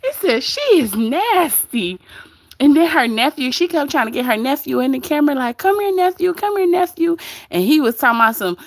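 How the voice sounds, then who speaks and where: High-voiced, laughing gossip host. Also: female voice, animated, a little fast, dry recording. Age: adult with grown kids. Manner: laughs often, reads viewer comments aloud. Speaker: livestream commentary host. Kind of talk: casual live-stream gossip chat.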